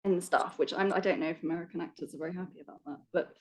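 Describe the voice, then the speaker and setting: A woman's voice: fairly low pitch, steady tone, racing, rough recording. A young woman with a London English accent talks easily as a guest in a casual interview. She is chatty and self-deprecating, laughing often as she answers. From London, England. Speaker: actress guest.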